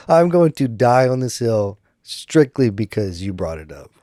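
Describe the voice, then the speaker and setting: A man's voice: medium pitch, big pitch swings, measured pace, warm tone. A man with a Cajun accent, co-hosting a casual chat in a laid-back, stubborn way and laughing often. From Louisiana. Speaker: podcast co-host.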